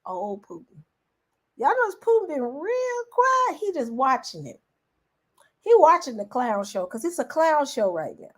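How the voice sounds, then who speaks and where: A woman, a vlogger giving lively reaction commentary and talking straight to her viewers. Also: high-pitched, measured pace. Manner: animated, exclaiming, addresses viewers as y'all.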